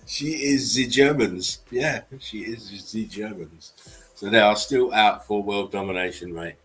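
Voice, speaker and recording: A man's voice: lowish voice, takes it slowly, fairly bright tone, soft background music, rough recording. A man hosting a casual livestream, talking bluntly, swearing and chuckling often. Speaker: channel host.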